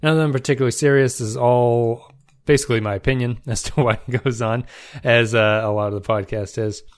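A man's voice: mid-range voice, steady tone, a little fast. A man hosting a solo review podcast, talking in a loose conversational way with frequent fillers and restarts. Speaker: podcast host.

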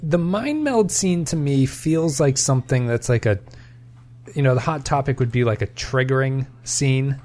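A man's voice: medium pitch, lively intonation, normal speed, darkish tone. A man co-hosting a podcast, talking through a film in a thoughtful, analytical way with frequent restarts. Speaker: podcast co-host. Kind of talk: casual film discussion.

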